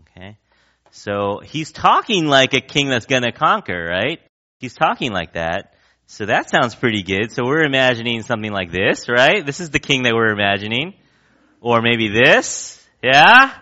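Male pastor, casual sermon, bright tone, lo-fi recording. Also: fairly low pitch. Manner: conversational, asks the crowd questions, acts out quotes.

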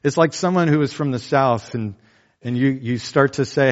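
A man's voice: medium pitch, normal speed, lo-fi sound. Man preaching a conversational sermon. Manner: conversational preaching, acts out quotes, frequent "right?". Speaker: pastor.

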